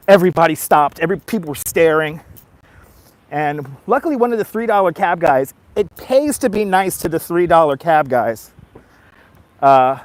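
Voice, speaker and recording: Brief: man, slightly high voice, livestream vlogger, recorded outdoors on a phone. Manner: chatty storytelling, greets viewers by name. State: tired after a nap. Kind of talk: casual livestream chat. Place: outdoors on a boardwalk.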